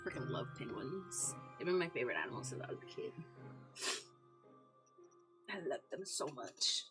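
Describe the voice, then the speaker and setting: Chatty woman streamer, lively low voice. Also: normal speed, over music. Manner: chatty, talks to viewers, laughs easily. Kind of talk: casual gameplay commentary.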